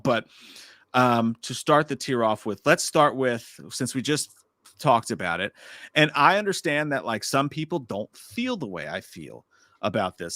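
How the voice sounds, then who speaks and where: A man's voice: medium pitch, fairly bright tone, dry recording, studio quality. A man hosting a casual live stream, ranting animatedly and swearing freely with jokey asides. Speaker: host.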